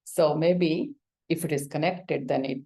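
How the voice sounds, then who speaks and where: A woman's voice: deep voice, fairly even intonation, a little slow, vocal fry, dark tone, husky. A woman with an Indian accent teaching a yoga lesson, coaxing answers from her student with questions and acted-out examples.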